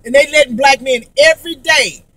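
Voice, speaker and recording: A woman's voice: sits high, a little fast, a bit bright, dry recording, far from the mic. A woman vlogger in a profane, angry monologue, repeating herself and stumbling through restarts. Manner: profane, emphatic, repetitive, with heavy stammered restarts.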